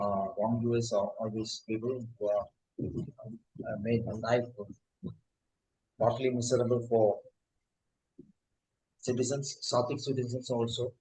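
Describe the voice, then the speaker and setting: A man giving a scripture lecture, pausing often with fillers and restarts. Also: mid-range voice, darkish tone. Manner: halting, frequent fillers and restarts. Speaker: spiritual teacher. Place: temple hall. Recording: echoey hall.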